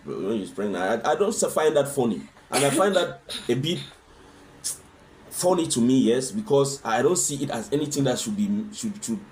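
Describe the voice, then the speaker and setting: A man's voice: medium pitch, a little mellow, slight background noise. Earnest man answering interview questions. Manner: earnest, asks rhetorical questions. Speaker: husband sharing his experience as a guest.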